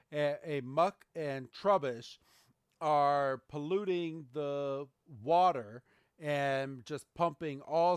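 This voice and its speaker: A man's voice: medium pitch, clear, resonant tone, no echo, clean studio sound. A man co-hosting a podcast, casually retelling a cartoon episode and acting out the quotes. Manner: animated retelling, acts out quotes. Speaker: podcast co-host.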